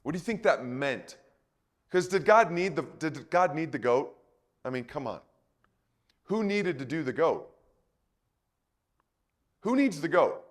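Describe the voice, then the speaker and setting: Higher-voiced man preaching conversationally. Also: big pitch swings, unhurried, pauses often. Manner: conversational teaching, asks the audience questions. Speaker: pastor. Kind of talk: sermon. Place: church hall.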